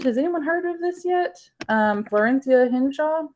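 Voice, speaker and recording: A woman's voice: high-pitched, expressive, normal speed, few pauses, a little mellow. A woman teacher, giving a casual live online workshop in a chatty, rambling way, full of fillers.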